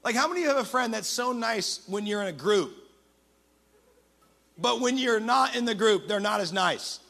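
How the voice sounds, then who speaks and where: A man preaching a sermon as a pastor, energetic and humorous, with quick conversational asides. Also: sits high, gravelly.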